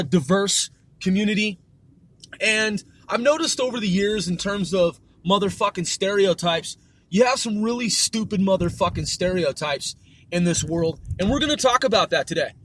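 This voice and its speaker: A man's voice: high voice, normal speed, a bit bright. A man hosting a podcast, delivering a profane, emphatic, stern rant. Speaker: podcast host. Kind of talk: ranting podcast monologue.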